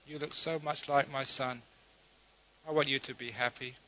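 A man's voice: mid-range voice, steady tone, normal speed, lo-fi sound, close to an everyday voice. A man playing a wealthy grieving father who earnestly offers a stranger a gift. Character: rich grieving older father, generous.

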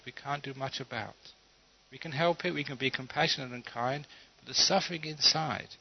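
Relaxed, chuckling male Buddhist teacher. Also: medium pitch. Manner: relaxed, chuckling storyteller with pauses. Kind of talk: humorous dharma talk with storytelling. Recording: dull lo-fi talk recording.

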